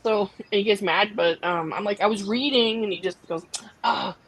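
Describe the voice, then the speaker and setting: A woman's voice: mid-range voice, moderate pace, a crowd in the background, poor audio. A woman chatting casually as co-host on a live stream, in a self-deprecating way.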